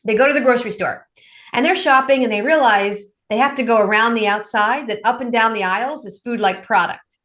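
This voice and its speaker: A woman's voice: on the high side, brisk, fairly bright tone. A middle-aged woman, an addiction coach, telling stories in an interview and acting out her clients' voices with dramatic shifts. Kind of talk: animated storytelling in a podcast interview.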